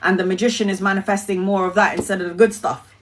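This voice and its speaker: A woman's voice: medium pitch, little pitch movement, quick pace, a little hiss or hum. A woman giving live tarot readings to viewers, chatty and emotional, calling people by name and laughing easily. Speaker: tarot reader.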